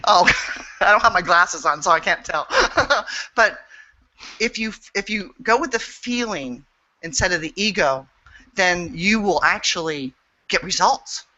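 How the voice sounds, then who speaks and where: Frank, outspoken woman with a bright voice. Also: fairly low pitch, animated, measured pace, lo-fi sound. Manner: frank and outspoken, swears freely; earnest and emphatic. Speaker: guest, intuitive healer. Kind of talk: candid interview talk.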